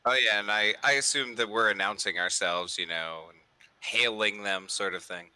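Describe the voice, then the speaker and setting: A man's voice: lowish voice, normal speed, bright, forceful tone, smooth, no room sound. A man playing a tabletop game, talking casually and hesitantly with many fillers. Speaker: player.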